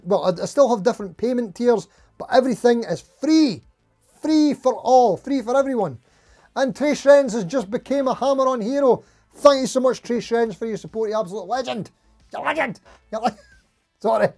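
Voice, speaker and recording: Rambling high-voiced man. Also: darkish tone. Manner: rambling, self-deprecating, laughs at himself. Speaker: live stream host. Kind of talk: casual live stream chat.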